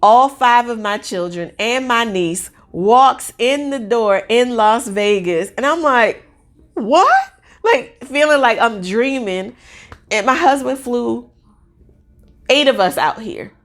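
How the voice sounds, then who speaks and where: A woman in her forties telling a personal story in a casual, rambling, excitable way with lots of fillers. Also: a little high, slow.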